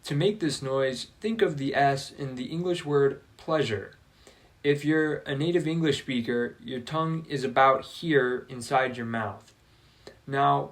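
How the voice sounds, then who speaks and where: A man presenting a scripted language lesson, speaking in a clear, deliberate teaching manner with dry jokes. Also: medium pitch. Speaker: language-learning video presenter.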